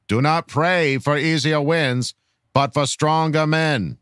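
A man's voice: a little high, slow, fairly bright tone, smooth, no echo, clean studio sound. A man hosting a fan podcast, chatting casually and reading listener messages aloud with mock-grand delivery.

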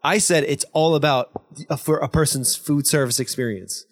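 A man's voice: fairly high pitch, moderate pace. A young man hosting a casual podcast chat, joking and self-deprecating, slipping into voices when he retells stories. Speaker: podcast host.

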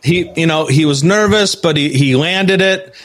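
A man co-hosting a podcast with a slightly high voice, walking through a recap step by step. He talks casually and slips in dry, sarcastic remarks along the way. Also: normal speed. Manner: steady recapping, sarcastic asides. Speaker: podcast co-host.

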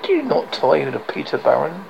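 A sly, sneering male advisor, as a man reads him aloud, bitter and scheming. The voice is very gravelly, with pitch that moves a lot. Faint hiss sits under it. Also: huge pitch swings, a little fast, dull audio, full character voice.

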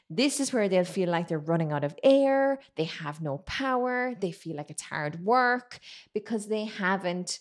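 A woman vocal coach giving a chatty singing lesson, explaining technique and breaking into quick sung and spoken demonstrations. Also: on the low side, lively intonation.

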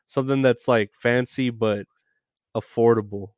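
A man's voice: medium pitch, fairly even intonation, moderate pace, darkish tone, dry recording, clean studio sound. A man hosting an interview, rambling casually with crude jokes and frequent giggles. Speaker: interview host.

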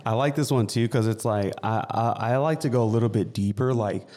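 A man's voice: on the low side, a little fast. A man co-hosting a casual podcast chat, talking loosely with lots of fillers. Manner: relaxed, loose, full of fillers like "like" and "you know". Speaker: podcast co-host.

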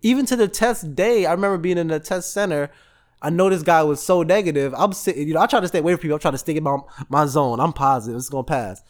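A man hosts a casual motivational talk, telling stories and acting out the voices of the people in them. His voice sits a bit high for a man, and it swings up and down as he gets into each scene. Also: fast. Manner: animated storytelling, acts out voices in quotes, laughs often. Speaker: podcast host.

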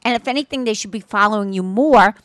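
A woman's voice: medium pitch, fast talker, fairly bright tone, no echo, studio quality. A woman co-hosting a podcast, teasing and exclaiming as she chats. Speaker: podcast co-host. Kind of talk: casual podcast chat.

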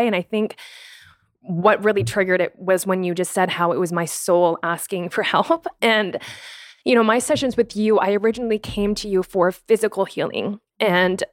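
Woman, earnest podcast co-host, mid pitch, dry close sound. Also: steady tone, moderate pace, no echo. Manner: earnest, emotional, open. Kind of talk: casual podcast conversation.

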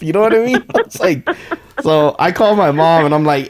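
A man's voice: high voice, quick pace. A young adult man hosting a podcast, chatting casually, swearing and laughing often. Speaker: podcast host. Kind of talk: casual chat.

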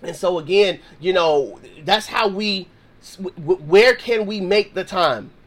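High-voiced man giving casual Bible talk. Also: unhurried. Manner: slangy, conversational, acts out sample prayers. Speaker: Christian podcast host.

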